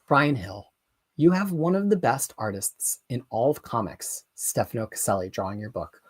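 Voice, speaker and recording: Comic review streamer talking fast and loose, mid pitch, gets super worked up and ranty. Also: slightly rough. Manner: excitable, emphatic, swings into loud ranting. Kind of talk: casual live-stream review chat.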